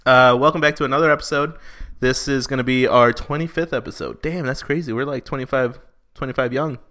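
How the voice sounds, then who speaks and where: A man's voice: medium pitch, steady tone, fairly quick, bright, forceful tone. A man co-hosting a podcast in casual chat, joking, laughing often and swearing freely. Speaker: podcast co-host.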